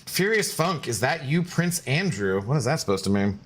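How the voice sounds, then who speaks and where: A man's voice: mid-range voice, animated, a little fast, breathy edge. A man streaming a game and chatting loosely with viewers, laughing often and swearing casually.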